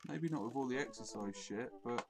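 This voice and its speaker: A man's voice: mid-range voice, a little fast. A man giving jokey, offhand let's-play commentary while reading a dating game aloud. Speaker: gamer playing through a visual novel. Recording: loud game music behind.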